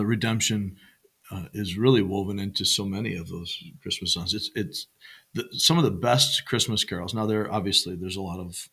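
A man's voice: low voice, pushed and bright, husky. A man co-hosting a church podcast, talking casually and rambling through sermon themes with many fillers and restarts.

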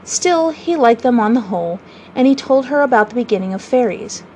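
A woman storyteller reading a children's book aloud in a measured, gently expressive way. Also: fairly high pitch, a little hiss or hum, poor audio.

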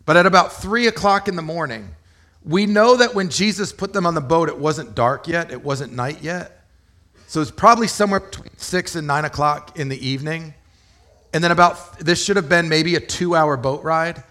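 Male pastor, sermon, conversational, fairly high voice, rhetorical questions. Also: normal speed, bright, forceful tone. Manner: conversational, explains scripture plainly and asks rhetorical questions.

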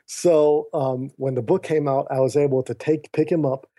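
Speaking at a moderate clip in a fairly high voice, a podcast guest joins by remote call to recount something from his own life. He brings the story alive by performing other people's lines, and he keeps turning to the host by name in the middle of sentences.

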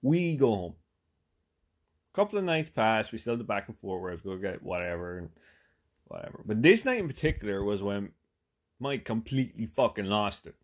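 A man's voice: lowish voice, very animated, normal speed. A man telling a long casual anecdote, rambling and swearing with lots of fillers. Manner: rambling, profane, full of fillers. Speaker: storyteller.

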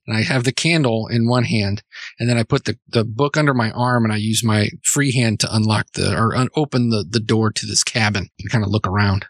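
A man's voice: mid-range voice, fairly bright tone, no room sound. Guy playing a tabletop rpg, rambly and joking, keeps restarting, dry close mic. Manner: rambling, playful, many restarts. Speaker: player. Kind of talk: playing a tabletop role-play game.

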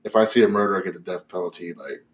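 A man voicing a troubled male caller who speaks of grief in a flat, halting way. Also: low-pitched, pitched below the performer's own voice, close to an everyday voice. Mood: musing.

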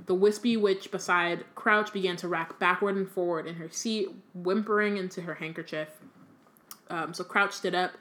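A young woman co-hosting a podcast, reading aloud and then chatting casually, full of "like" and quick restarts. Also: on the low side, steady tone, a bit bright. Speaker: podcast co-host.

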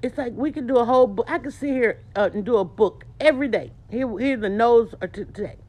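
A woman's voice: a little high, brisk, a little mellow. A woman in a casual monologue, talking in an emphatic, informal way and hammering her points home by repeating them. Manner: emphatic, repetitive preaching tone; informal, slangy talk. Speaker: small business owner.

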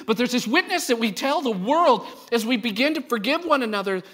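A man's voice: very high-pitched, animated, a little fast, a bit bright. A male pastor, a father of a young child, preaching a sermon in church in a conversational, joking way, asking the congregation rhetorical questions. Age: adult parent of a young child.

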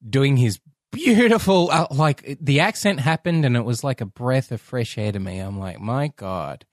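A man's voice: mid-range voice, normal speed, no echo, clean studio sound. A man co-hosting a film podcast, chatting casually and playfully, now and then slipping into mock voices. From Australia. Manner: animated, playful, breaks into mock Australian voices. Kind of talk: casual chat.

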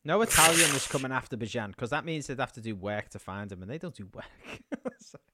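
A man's voice: mid-range voice, animated, a little fast, heavy background noise. A man co-hosting a casual comedy podcast, giggling and throwing in mischievous crude jokes. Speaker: podcast co-host.

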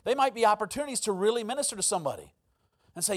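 A man preaching a sermon as pastor, telling a personal story with sudden swings between loud and quiet and frequent repeated words. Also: sits high, animated, very fast.

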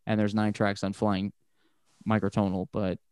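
A man's voice: on the low side, normal speed, clean tone, no room sound. Rambling, profane man in casual chat. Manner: rambling, profane, animated when excited.

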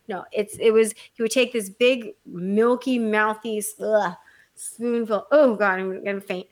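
A woman co-hosting a casual chat, telling stories in an animated, dramatic way with blunt asides and swearing. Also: medium pitch, normal speed.

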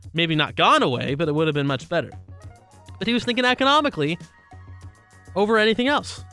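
A man's voice: on the high side, pushed and bright. A man hosting his own talk show, giving casual, opinionated commentary with lots of asides. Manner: conversational and opinionated, with frequent asides and restarts. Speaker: radio-style show host.

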